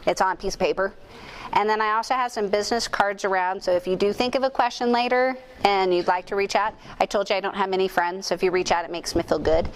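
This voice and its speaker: A middle-aged woman speaking at a conference, telling a personal story in a candid, self-deprecating, animated way. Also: medium pitch, fast talker, a little hiss or hum. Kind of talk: storytelling keynote talk. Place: conference room.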